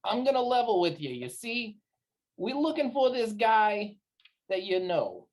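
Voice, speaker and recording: A woman playing an adventurer who puts on a low, muttering wise-guy manner. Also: big pitch swings, measured pace, a little mellow. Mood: wheedling. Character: adventurer Galan playing a streetwise tough guy.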